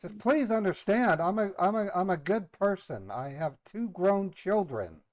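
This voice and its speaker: A man with a high voice stages a prank call as a rattled, self-righteous victim. He sounds close and dry, with no room around him, and keeps piling up defensive protests. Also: animated, a little slow, no echo. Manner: indignant, defensive, rambling protests. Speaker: scambaiter posing as a caller. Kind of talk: prank call role-play.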